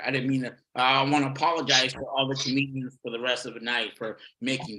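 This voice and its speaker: Crude laughing comedian with a bright voice. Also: male voice, mid-range voice, little pitch movement, a little fast, hardly any pauses, poor audio. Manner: crude, rambling, swears often, laughs at own jokes. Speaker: stand-up comedian. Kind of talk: stand-up set on a live video call. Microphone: video call.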